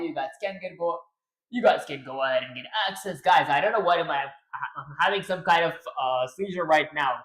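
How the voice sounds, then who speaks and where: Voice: medium pitch, expressive, a little fast, fairly bright tone. A young adult streamer building a game live, chatting casually and rambling to themselves with restarts and trailing sentences. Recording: roomy echo.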